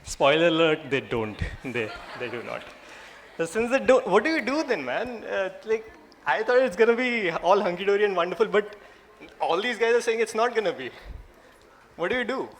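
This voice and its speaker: A man in his late twenties with an Indian English accent, giving a humorous, self-mocking motivational talk to new students and building to loud, emphatic lines. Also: sits high, big pitch swings, normal speed, slight background noise. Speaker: speaker addressing new law students.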